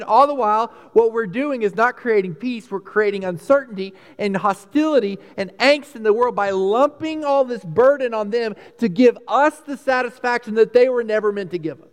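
A man with a Texan accent preaching a sermon, emphatic and animated, swinging between loud peaks and hushed lines. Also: extremely high pitch, normal speed, hardly any pauses, in a large hall. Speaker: pastor.

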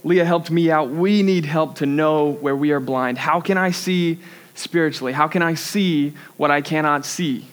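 A young man gives a sermon. His voice sits a little high, and he tells a personal story with animated energy, laughing at himself along the way. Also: moderate pace. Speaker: youth pastor.

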